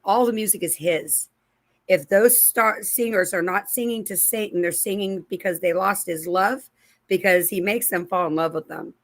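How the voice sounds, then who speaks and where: A woman's voice: mid-range voice, moderate pace, a bit bright, no room sound. A middle-aged woman hosting her own channel, talking casually and in a rambling way about faith, often acting out the voices she quotes. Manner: rambling, with restarts and asides to viewers. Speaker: channel host. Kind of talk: casual religious commentary to camera.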